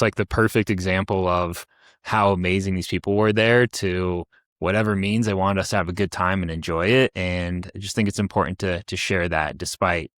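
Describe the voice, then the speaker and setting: A man's voice: low voice, a bit bright, dry recording, clean studio sound. A young American man co-hosting a podcast, telling a personal travel story in a rambling way with many restarts. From United States. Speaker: podcast co-host.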